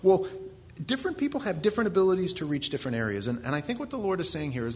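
A man's voice: high-pitched, sing-song, racing. A man in his forties with a Maine accent, preaching a sermon in a conversational way with self-deprecating asides. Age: 40s. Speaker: pastor.

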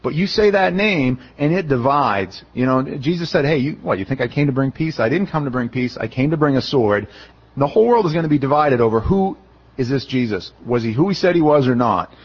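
A man's voice: mid-range voice, brisk, husky. Middle-aged guy preaching, chatty, does little voices for quotes, kinda dull lo-fi sound. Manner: conversational, acts out quoted voices, animated retelling. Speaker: pastor. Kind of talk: expository sermon.

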